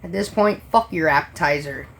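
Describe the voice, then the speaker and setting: A woman's voice: deep voice, normal speed, vocal fry, a little hiss or hum. A woman who works as a restaurant server, ranting casually on a livestream and swearing freely in an exasperated way.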